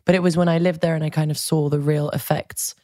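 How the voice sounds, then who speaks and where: A woman hosting an interview, thoughtful and soft-spoken as she reflects and asks questions. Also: low voice, level tone, fast talker, no echo, clean studio sound. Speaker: podcast host. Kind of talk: interview conversation.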